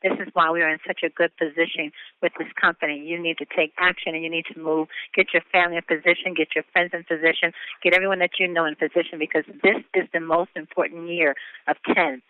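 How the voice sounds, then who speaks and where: A woman's voice: fairly low pitch, flat delivery, fast, clear, resonant tone, dry recording. A woman pastor hosting a business conference call, encouraging and emphatic, with frequent laughs. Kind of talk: upbeat motivational call hosting. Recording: tinny phone line.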